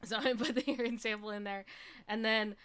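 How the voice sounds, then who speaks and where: Animated young woman telling a story. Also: fairly high pitch, brisk, clear, resonant tone. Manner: animated, laughs often, ends points with "okay?". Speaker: vtuber streamer. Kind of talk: casual storytelling chat.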